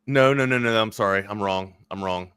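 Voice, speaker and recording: A male sports talk co-host on a studio mic, with a bright, sharp edge to his voice. He rambles through his points, catching and correcting himself as he goes. The room sound is completely dry. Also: on the low side, clear, resonant tone, no echo. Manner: rambling, self-correcting, quick asides.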